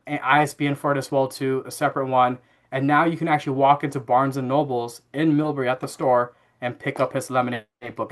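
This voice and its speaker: A man in his thirties telling a family story as a podcast guest, relaxed and chatty with fillers. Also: mid-range voice. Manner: animated anecdote-telling with frequent fillers and laughs. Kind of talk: casual interview storytelling.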